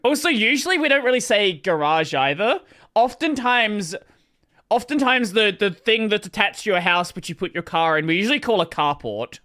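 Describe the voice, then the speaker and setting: A high-voiced Australian man chatting on a gaming stream, his pitch bouncing all over. His tone is bright and forceful. He is animated, swears freely and plays with how words sound. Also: moderate pace. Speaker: streamer host. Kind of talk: casual gaming stream chat.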